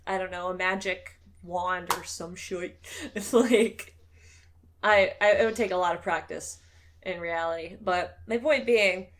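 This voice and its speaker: Bright-voiced chatty woman host. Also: medium pitch. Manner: chatty and joking, swears casually. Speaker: streamer and show host. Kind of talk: casual podcast chat.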